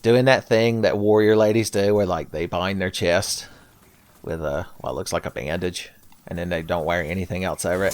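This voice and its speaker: A man's voice: deep voice, background noise. A man narrating a Let's Play, sarcastic and profane, with frequent jokes aimed at his viewers. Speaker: gameplay commentator.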